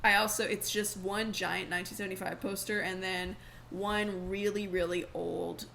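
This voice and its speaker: A woman's voice: mid-range voice, fairly even intonation, moderate pace, creaky, a bit bright, slight background noise, poor audio. A young woman in her twenties, co-hosting a podcast in casual, chatty, slangy talk. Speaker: podcast co-host. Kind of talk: casual chat.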